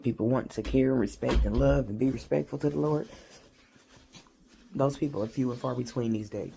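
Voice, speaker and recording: Gravelly-voiced man venting about faith. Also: medium pitch, fairly quick, dark tone, slight background noise. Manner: reflective, repetitive, street-slang religious talk. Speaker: vlogger. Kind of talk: emotional spiritual venting monologue.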